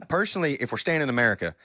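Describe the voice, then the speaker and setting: A man's voice: medium pitch, very animated, fast, sharp tone, dry recording, studio quality. A man hosting a casual chat, easygoing and joking. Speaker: host.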